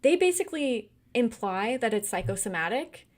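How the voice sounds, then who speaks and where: A young woman from California hosting a casual livestream book discussion, animated and quick to laugh and get worked up. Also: fairly high pitch. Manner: animated, laughs often, gets heated and incredulous. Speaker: book club host.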